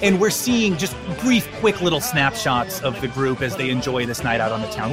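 A man's voice: mid-range voice, normal speed, music in the background. A man running a tabletop game as game master, narrating scenes with a playful, laughing manner.

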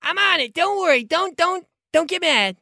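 A woman's voice: very high-pitched, animated, moderate pace, pushed and bright, dry recording, clean studio sound. A woman improvising in a comedy show, talking hesitantly with many ums. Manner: hesitant, fidgety, lots of ums. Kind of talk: improvised comedy role-play.

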